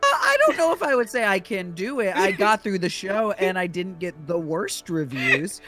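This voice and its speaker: A man's voice: sits high, huge pitch swings, normal speed, sharp tone. A man chatting casually while playing a game on a stream, telling a self-mocking story with laughter. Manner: self-deprecating, jokey storytelling. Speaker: let's-play co-player.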